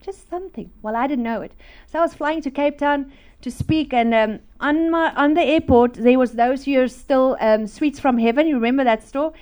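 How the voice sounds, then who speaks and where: A woman with a high, light voice delivers a lively testimony from the pulpit. She acts out the people in her story, dropping to a hush and then bursting into laughter. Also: normal speed, few pauses. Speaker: speaker at a church. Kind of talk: testimony sermon.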